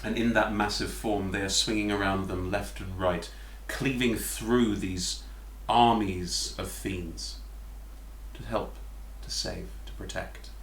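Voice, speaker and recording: A British man running a tabletop game as dungeon master, narrating scenes slowly and vividly between bursts of laughter. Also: lowish voice, steady tone, a bit bright. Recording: roomy echo, faint background noise.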